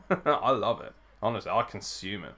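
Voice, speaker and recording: A man's voice: fairly low pitch, animated, normal speed, pushed and bright. Tipsy, swearing man hosting a watchalong. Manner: profane, chatty, frequent swearing. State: tipsy from drinking. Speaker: wrestling podcast host. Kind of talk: live watchalong commentary.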